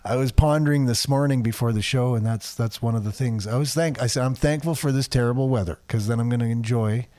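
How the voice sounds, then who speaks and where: A man's voice: medium pitch, quick pace, hardly any pauses, warm tone. Man host with a slight cold. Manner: chatty, laughs often, restarts sentences. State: slight cold, voice a little deeper. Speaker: talk show host. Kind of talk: casual chat, reading viewer comments.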